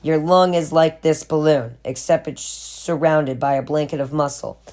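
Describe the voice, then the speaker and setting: A woman's voice: low-pitched, normal speed, natural voice. Woman reading as a smug old pharmacist. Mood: lecturing. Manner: calm, lecturing, patronizing. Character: older male pharmacist, smug and coldly manipulative. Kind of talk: audiobook reading.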